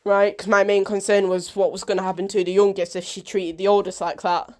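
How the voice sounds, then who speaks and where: A woman telling a personal story to her vlog camera, animated, and acting out the dialogue. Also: mid-range voice, fairly quick. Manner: animated storyteller who acts out quoted dialogue.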